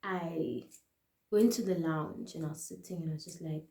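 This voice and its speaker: A South African woman vlogger telling a storytime casually and chattily, often dropping to a quiet aside. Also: low-pitched, normal speed, vocal fry, roomy sound.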